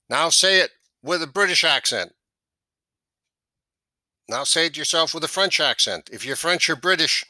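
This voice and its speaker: Fairly high-pitched and sharp-toned, a man speaks with no echo while teaching a sales course to camera. As a sales trainer, he coaches step by step, repeating key phrases and asking "right?" and "okay?" as he goes.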